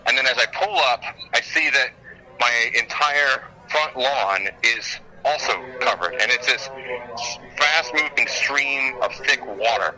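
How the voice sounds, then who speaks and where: Male co-host, punchy bright tone, animated storyteller, phoned in. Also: medium pitch, a little slow, poor audio. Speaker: podcast co-host. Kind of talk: casual storytelling chat. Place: airport.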